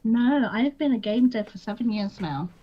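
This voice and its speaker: A woman's voice: fairly high pitch, animated, normal speed. Frank woman guest on a dull, lo-fi stream. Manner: frank, self-deprecating, full of fillers. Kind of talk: casual chat on a livestream.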